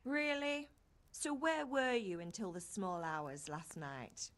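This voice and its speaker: A woman's voice: medium pitch, steady tone, slow pace, fairly bright tone. An actress playing Henry's mother, a caring village woman who nags her son fondly. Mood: teasing. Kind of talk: game character dialogue.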